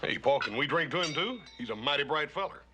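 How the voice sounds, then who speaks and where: An actor playing a big-hearted ranch son with folksy country speech in a 1960s television western. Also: male voice, a little high, lively intonation, quick pace, background noise, close to an everyday voice.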